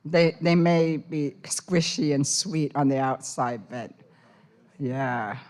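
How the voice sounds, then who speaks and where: A woman's voice: sits low, fairly even intonation, slow pace, a little mellow. A woman poet from Hong Kong giving a live poetry reading, with wry, teasing asides between the poems. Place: university poetry center reading room.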